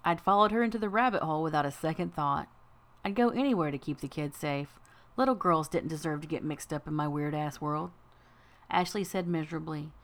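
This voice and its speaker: A woman's voice: sits low, brisk, a bit bright. A woman reading a first-person fantasy audiobook with a dry, wry delivery. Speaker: audiobook narrator.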